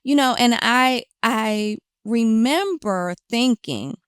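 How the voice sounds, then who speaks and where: A woman guest telling her story candidly in an interview, emphatic and animated when she quotes herself. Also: on the high side, slow pace, few pauses, clean tone, no echo, studio quality.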